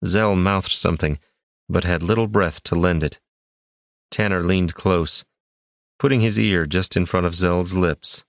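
A man with a very low voice reads a fantasy adventure aloud. His delivery is measured and dramatic, and the sound is close and dry with no room around it. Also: no echo. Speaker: audiobook narrator. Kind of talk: scripted fantasy narration.

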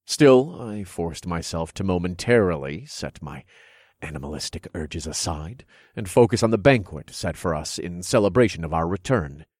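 Deep-voiced male audiobook narrator. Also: no echo, clean studio sound. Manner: steady, measured reading. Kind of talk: first-person fantasy novel narration.

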